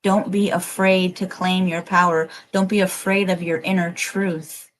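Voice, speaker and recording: A woman's voice: fairly low pitch, level tone, a little slow, rough recording. Emphatic, encouraging woman tarot reader. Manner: emphatic, encouraging, swears casually; emotional. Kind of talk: livestreamed collective card reading.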